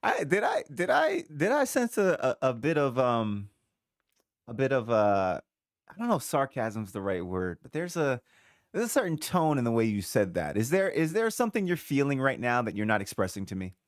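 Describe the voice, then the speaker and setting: Lively, stammering man hosting a chat. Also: medium pitch, moderate pace, no echo, studio quality. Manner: teasing, stammering, laughs often. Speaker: live-stream host. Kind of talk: casual live chat.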